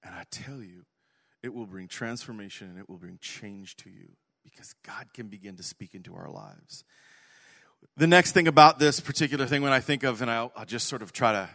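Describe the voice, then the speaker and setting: A man preaching a sermon, telling an animated story, swinging from loud to hushed. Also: medium pitch, a little fast. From Canada. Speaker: pastor.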